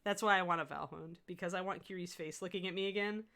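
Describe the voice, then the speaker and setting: A middle-aged woman runs a live painting lesson, talking in a rambling, easygoing way. Her voice sits a little low but sounds bright and forceful. She laughs often as she answers her viewers. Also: fairly even intonation, fast talker. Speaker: miniature painting instructor. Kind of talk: live-streamed painting demo with chat.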